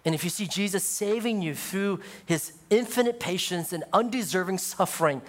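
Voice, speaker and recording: A male pastor preaching a sermon, moving from loud, high exclamations to low, hushed passages. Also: normal speed.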